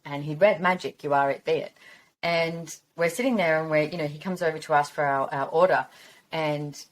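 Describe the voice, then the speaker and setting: A woman's voice: low voice, moderate pace. A middle-aged woman from Australia hosting a podcast, talking in a chatty, rambling, encouraging way. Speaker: podcast host. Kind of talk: casual monologue.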